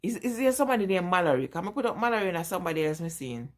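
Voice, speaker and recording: Middle-aged Jamaican woman vlogger, lower voice, loose chatty rambling delivery. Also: very animated, very fast. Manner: chatty, rambling, answers viewer questions. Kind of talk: casual live chat with viewers.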